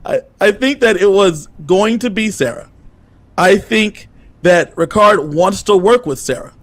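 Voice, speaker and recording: Man, podcast co-host, high-pitched, dry sound, teasing, matter-of-fact. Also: expressive, unhurried, no echo. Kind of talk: casual chat.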